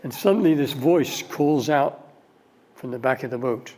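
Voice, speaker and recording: An older man speaking as a mentor and relaxed, conversational storyteller. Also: medium pitch, moderate pace. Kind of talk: storytelling talk.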